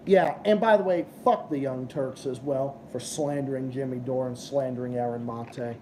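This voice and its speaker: A man's voice: mid-range voice, a little slow, long pauses, dark tone, slight background noise. A young man hosting a live stream, ranting and swearing as he chats with viewers. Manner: profane, ranting, combative. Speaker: livestream host. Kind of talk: casual live-stream chat.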